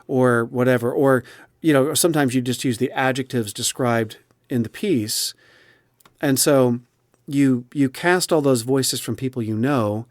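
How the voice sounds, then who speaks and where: A man's voice: medium pitch, a little slow, dry recording, clean studio sound. A man who narrates audiobooks, chatting expressively in an interview with frequent restarts. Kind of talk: casual interview chat.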